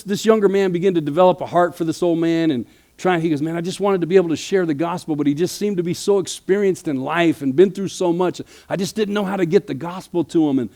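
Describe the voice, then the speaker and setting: Man preaching a story-driven sermon. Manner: storytelling, drops low and quiet for the story, rises loud when preaching. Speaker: pastor.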